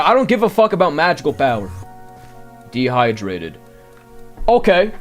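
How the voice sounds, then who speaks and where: A man's voice: fairly high pitch, moderate pace, long pauses, faint music behind. A man doing live gameplay commentary, grumbling and talking to his chat. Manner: animated, grumbling, talks to chat. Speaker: game streamer.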